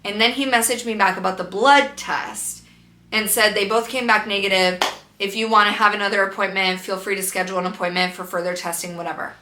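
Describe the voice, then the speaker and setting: A woman's voice: medium pitch, fairly even intonation, a little fast, pushed and bright. Frustrated young woman vlogging in an echoey room. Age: young adult. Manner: frustrated, rambling, swears freely. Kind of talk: casual chat. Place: home room with a loud air conditioner. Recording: echoey room, faint hum.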